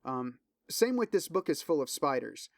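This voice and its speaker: Solo podcaster, male, fairly high voice, dry close sound, loose and profane, eager recommender. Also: sing-song, normal speed, vocal fry, no echo. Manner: loose, profane, filler-heavy rambling with restarts; enthusiastic recommending. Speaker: podcast host. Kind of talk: casual solo podcast chat.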